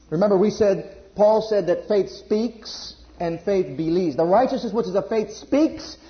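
A man preaching a sermon, emphatic, jumping between loud bursts and quiet asides. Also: high-pitched. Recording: echoey room, dull lo-fi sound.

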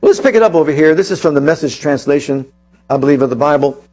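A man's voice: fairly high pitch, expressive, quick pace, darkish tone, faint music behind. A man preaching a sermon to his congregation, quoting scripture and asking emphatic rhetorical questions.

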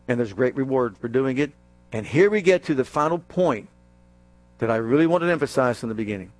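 A man preaching a sermon, reading scripture aloud and calling out questions to the congregation, stressing key words and dropping low for emphasis. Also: expressive, brisk, a little mellow, no echo. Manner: calls out questions to the congregation and answers them.

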